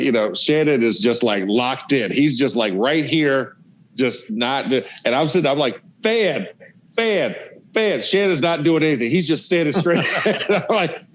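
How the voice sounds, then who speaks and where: A man's voice: medium pitch, low-quality recording. A man, a former college lineman, telling football stories playfully as a podcast guest. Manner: excited, playful storyteller who acts out scenes. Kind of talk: casual storytelling on a podcast.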